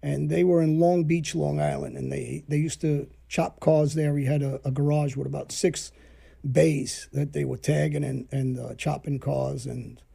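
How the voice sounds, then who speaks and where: A man's voice: a little high, level tone, normal speed, creaky, mellow, slightly rough. A man telling stories casually, rambling and acting out the dialogue he quotes. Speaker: podcast storyteller. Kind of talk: casual storytelling.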